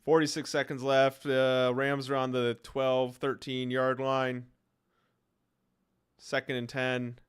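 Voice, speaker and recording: A young man streaming live play-by-play reactions to a football game, calling the action and reacting excitedly, his voice starting to wear out. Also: mid-range voice, takes it slowly, smooth. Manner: excited commentary, reacting aloud to plays.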